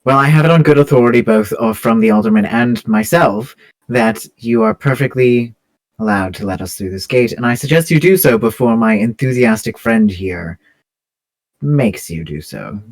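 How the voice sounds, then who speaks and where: A man's voice: medium pitch, normal speed. A man playing a tabletop game, speaking in character in a formal, assured noble tone. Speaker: player. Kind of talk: tabletop role-play in character.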